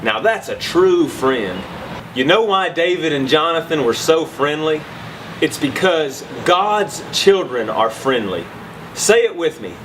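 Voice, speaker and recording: A man's voice: a little high, very animated, a little slow, fairly bright tone, slight background noise, rough recording. A man hosting a scripted children's Bible lesson in an upbeat, enthusiastic way, leading the kids in call-and-response.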